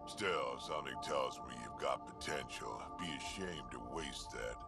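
A gravelly old Krogan merc. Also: male voice, rumbling low, a little slow, loud music behind the voice. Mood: gruff. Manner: gruff and boastful. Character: gruff old male Krogan mercenary.

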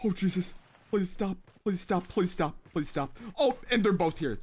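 Speaking through a headset, this young livestream host has a high, expressive voice that's a little mellow with a breathy edge, delivered at a moderate pace. While playing a mobile shooter, he chats casually with his viewers and keeps repeating the same phrases.

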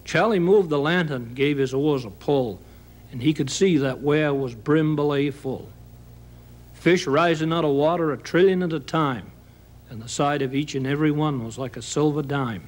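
Maine guy reciting a funny story poem, dry folksy delivery, voice a little high. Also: normal speed, a little mellow.

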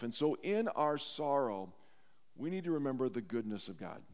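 A man's voice: medium pitch, very animated, moderate pace, darkish tone. A man preaching a sermon as pastor, earnest and heartfelt, in a church sanctuary. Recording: long church hall reverb.

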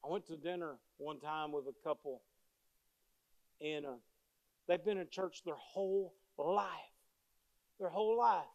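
A man's voice: fairly high pitch, steady tone, measured pace, pauses often, darkish tone, dull audio. A male pastor preaching a sermon with emphasis, repeating key phrases as he tells stories.

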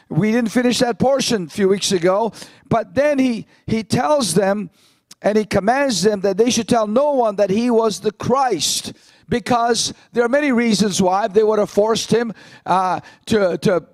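A man's voice: sits high, no room sound, low-quality recording. A man, a pastor, preaching a sermon in an emphatic style, quoting scripture.

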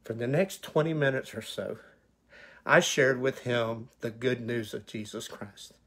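A pastor shares his own conversion story from the pulpit, reliving each moment with emotion and acting out what was said. His voice is a man's, husky and slightly breathy, sitting at an ordinary middle pitch. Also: measured pace, fairly bright tone. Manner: emotional, vivid retelling with quoted dialogue. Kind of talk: personal testimony storytelling.

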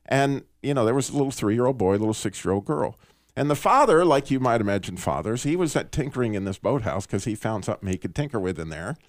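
A man hosting a Christian radio talk show, telling a story in an earnest, animated way with small restarts. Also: mid-range voice, fast, no echo, studio quality. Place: radio studio.

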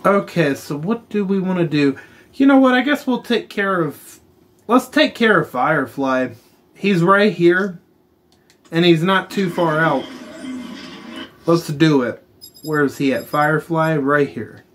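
Slow-talking man narrating a gameplay. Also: fairly high pitch, lively intonation, a bit bright. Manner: slow, deliberate reading with muttered asides. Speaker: gaming channel host. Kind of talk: casual gameplay commentary and reading lore aloud.

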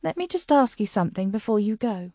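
A woman's voice: medium pitch, big pitch swings, fairly quick, a little mellow, no echo, studio quality. A woman voicing an uptight British bookshop owner who speaks in a clipped, cutting, dryly sarcastic way. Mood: cool, cutting.

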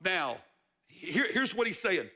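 Bright-voiced man preaching a sermon. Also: high-pitched, sing-song, slow pace. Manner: preaching with rising emphasis, addressing the crowd directly. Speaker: guest speaker, football coach. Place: church stage.

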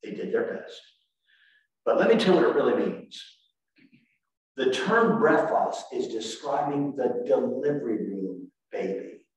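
A man preaching a sermon as pastor, animated, swinging from shouts to quiet asides. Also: medium pitch, measured pace. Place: church sanctuary. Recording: echoey church room from far off.

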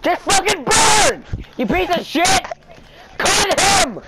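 A man cursing and yelling loudly in casual chat while playing a video game with a friend. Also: very high-pitched, expressive, takes it slowly, heavy background noise. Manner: loud, profane, yelling outbursts. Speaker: gamer playing online with a friend. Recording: loud game sound behind the voice.

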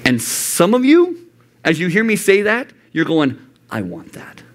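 A man preaching to a youth group, animated and acting out the voices he quotes. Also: sits high, a little slow. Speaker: youth pastor. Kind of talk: sermon. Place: church youth service.

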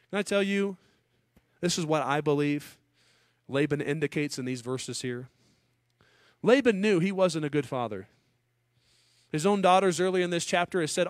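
Male pastor, fairly high voice, emphatic sermon delivery with loud peaks and soft asides, dry close recording. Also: animated, moderate pace, no echo.

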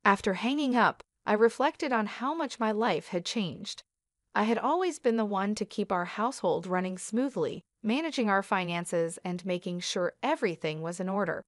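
Steady woman narrating a story. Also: mid-range voice, no room sound, studio quality. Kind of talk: scripted first-person story narration.

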